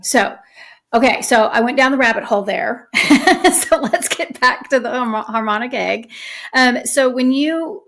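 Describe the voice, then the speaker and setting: Gravelly, higher-voiced woman hosting a podcast. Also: a little slow, a bit bright. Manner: earnest, emphatic, rambling with repetitions. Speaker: podcast host. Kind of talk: casual conversational interview.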